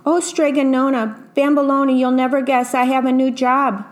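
A woman voicing an eager, clumsy young man who talks in an excited rush. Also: high-pitched, measured pace.

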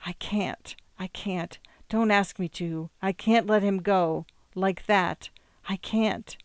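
A reader voicing a distraught woman in a storybook, mumbling in a breathy whisper. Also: mid-range voice, steady tone, slow, no echo.

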